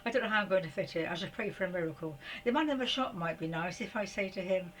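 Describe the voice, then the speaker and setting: A woman's voice: on the low side, fast talker, few pauses, a little hiss or hum, poor audio. An older woman vlogging in a rambling, chatty way, often laughing as she talks. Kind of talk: casual spiritual vlog.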